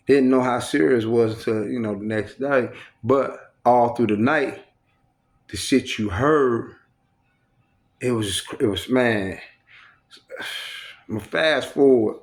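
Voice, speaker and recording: A man casually telling a story from his time in prison, in profane street slang and with animated retelling. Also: mid-range voice, slow pace, pauses often. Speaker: storyteller recounting prison life.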